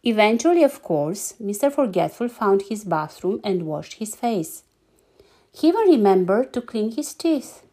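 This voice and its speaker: A woman reading a children's story aloud, lively and animated, giggling now and then. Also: mid-range voice, unhurried.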